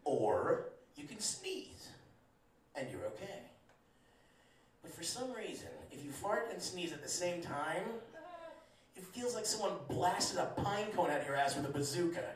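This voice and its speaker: A man's voice: high-pitched, expressive, moderate pace, recorded from a distance, slight background noise. A man doing a stand-up set, laid-back and rambling, laughing at his own jokes. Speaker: stand-up comedian. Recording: echoey room recorded from afar with a crowd.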